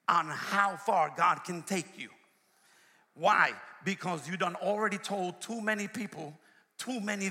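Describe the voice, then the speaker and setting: Male preacher, high bright edgy tone, emphatic call-and-response sermon delivery, long reverb. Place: church sanctuary.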